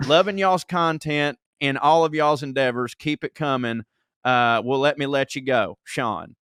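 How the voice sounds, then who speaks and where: A man co-hosting a comedy podcast, reading listener emails aloud with animated storytelling and frequent laughter. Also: medium pitch, a little slow, smooth, no echo, studio quality. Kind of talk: casual comedic podcast banter.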